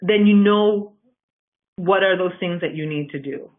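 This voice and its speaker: A woman's voice: on the low side, a little slow. A woman hosting a team call as a coach, upbeat and encouraging in a chatty way. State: recovering from flu. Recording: tinny phone-line audio.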